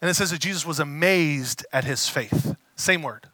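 Bright-voiced pastor preaching casually. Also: male voice, a little high, normal speed, no room sound. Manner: casual and animated, acts out quoted voices. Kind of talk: conversational sermon.

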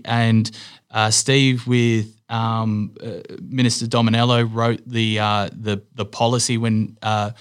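An Australian man with a medium-pitched voice, a business owner appearing as a guest, tells rambling stories about work in a casual interview. He fills his talk with fillers and restarts and laughs as he goes.

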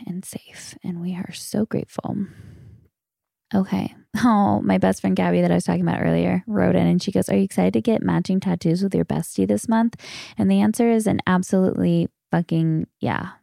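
A woman's voice: medium pitch, gravelly, warm tone, dry recording, clean studio sound. A woman in her thirties hosting a solo podcast, answering listener questions in a frank, candid way, swearing casually. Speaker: podcast host.

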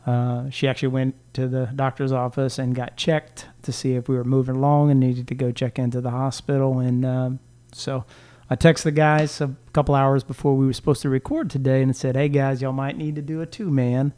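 A man in his thirties, chatting as a podcast co-host in a loose, rambling way. He laughs easily between thoughts, and his voice sits at an ordinary middle pitch. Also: little pitch movement, a little fast, few pauses, warm tone, clear, resonant tone. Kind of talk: casual chat.

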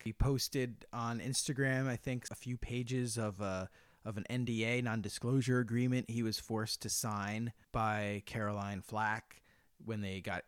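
A man co-hosting a podcast in a relaxed, chatty way. His voice sits at a middle pitch on a dry, close recording with no room echo. He often lets his sentences sink low at the end and hedges as he goes. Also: clean tone. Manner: trails off softly, hedging with "I think". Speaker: podcast co-host. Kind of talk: casual podcast chat and ad read.

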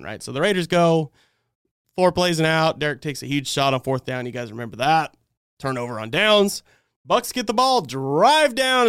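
Fan stream host, male, slightly high pitched, heated and fed-up, dry room. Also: a bit bright, smooth, no echo. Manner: heated, exasperated ranting. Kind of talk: livestreamed fan game breakdown.

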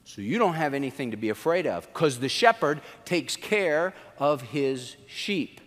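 A man with a high, bright-sounding voice delivers a lively sermon, telling stories with animation and acting out what people said. His voice rings with the long reverb of a big church hall. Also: a little slow. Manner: animated storytelling, acts out quotes with swings in pitch. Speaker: pastor.

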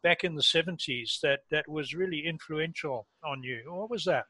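A man hosting a podcast, asking questions and giving short, relaxed replies. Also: on the high side, moderate pace, husky, no echo. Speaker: podcast host. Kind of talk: casual interview chat.

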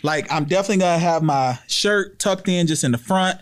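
A man co-hosting a podcast, talking in a playful, teasing, animated way. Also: on the high side, brisk. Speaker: podcast co-host. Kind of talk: casual chat.

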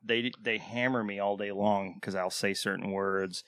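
A man's voice: lowish voice, steady tone, normal speed, fairly bright tone, clear, resonant tone, no echo. A man hosting a podcast, chatting casually and joking at his own expense. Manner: joking, self-mocking storyteller. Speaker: podcast host. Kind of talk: casual chat.

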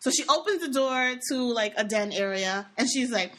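A woman's voice: fairly high pitch, expressive, moderate pace, pushed and bright, a little hiss or hum. A woman co-hosting a casual show review chat, laughing often and acting out the characters' lines as she retells scenes. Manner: laughs often, acts out quotes. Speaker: podcast co-host.

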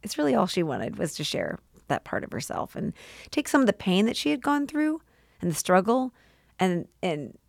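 A woman with a low, gravelly voice talks openly in an interview, heartfelt and quick to laugh through emotion. The recording is dry and close. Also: darkish tone, dry recording. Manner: heartfelt, tearful at times, laughs often. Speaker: podcast producer, guest.

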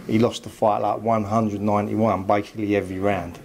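Un entraîneur de boxe qui commente le combat en interview, en digressions hésitantes ponctuées de « vous voyez ». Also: male voice, fairly low pitch, level tone, a little fast, creaky, a little mellow, a little hiss or hum. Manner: rambling, many fillers. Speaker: boxing trainer. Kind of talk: post-fight analysis.

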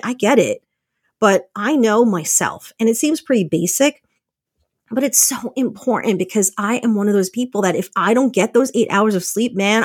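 A podcast host in her thirties gives a casual motivational talk, speaking candidly and chattily to listeners and laughing often. Her mid-range voice has a breathy edge, and the studio sound is clean with no echo.

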